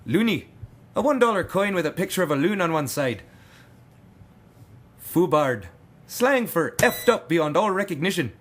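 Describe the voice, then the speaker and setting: A man from Canada reading a comedic slang glossary with wry, deadpan definitions. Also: high-pitched, normal speed, pauses often. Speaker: co-narrator.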